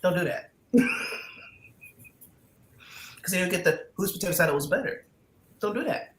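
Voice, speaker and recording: A woman chatting casually on a stream, from the American South, an animated storyteller with loud laughs, currently sick. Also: lowish voice, quick pace. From Southern United States. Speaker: co-host. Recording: roomy echo, faint background noise.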